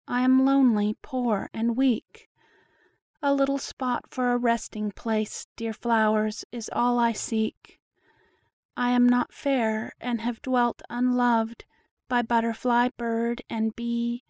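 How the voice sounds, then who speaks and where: A woman's voice: a little high, flat delivery, darkish tone, no echo, clean studio sound. A woman reading as a meek, lonely little worm. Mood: pleading. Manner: meek, pleading, slow. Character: lonely, humble little male worm pleading for shelter.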